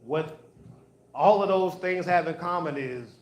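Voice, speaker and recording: A man's voice: on the high side, unhurried. A man doing a stand-up routine on a comedy club stage, telling loose, profane stories and repeating his lines. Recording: echoey live venue.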